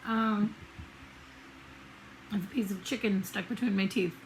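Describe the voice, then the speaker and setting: A middle-aged woman rambles through a casual vlog at a mid pitch, full of ums and restarts. She drifts off on tangents and teases herself along the way. There is a faint hum of noise behind her. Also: steady tone, a little slow, rough recording. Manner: self-deprecating, digressive, lots of fillers. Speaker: vlogger.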